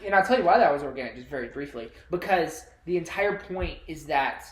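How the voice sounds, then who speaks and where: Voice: medium pitch, animated, fairly quick, roomy sound, background noise. A speaker in a casual movie review chat, opinionated and laughing while explaining.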